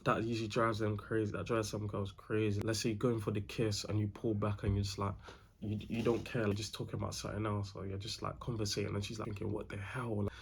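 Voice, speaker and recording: Talking fast in a lowish, gravelly voice with a level tone, a young man hands out casual dating tips. He leans on slang, repeats himself, and keeps calling the viewer bro. There's slight background noise.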